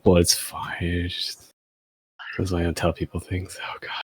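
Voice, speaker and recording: A man's voice: low-pitched, monotone, moderate pace, slightly rough. A man playing his character in a tabletop game, rambling in a laid-back way with laughing asides. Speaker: player. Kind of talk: in-character tabletop role-play.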